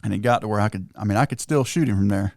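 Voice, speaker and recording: Animated man with a gravelly low voice. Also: racing, dry recording, clean studio sound. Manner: excited, animated storyteller, acts out quotes. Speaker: podcast host telling a hunting story. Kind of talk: casual storytelling chat.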